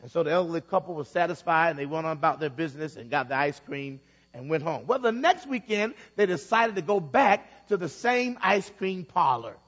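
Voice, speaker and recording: A man's voice: fairly high pitch, animated, fairly quick, fairly bright tone, in a large hall, dull audio. A man preaching a sermon in a church, telling a story and repeating his phrases to build emphasis. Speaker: pastor.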